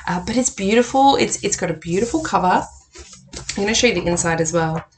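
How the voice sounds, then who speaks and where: A woman's voice: on the low side, creaky, a little hiss or hum. A woman hosting a casual book review vlog, chatty and enthusiastic. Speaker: tarot reader and YouTube host.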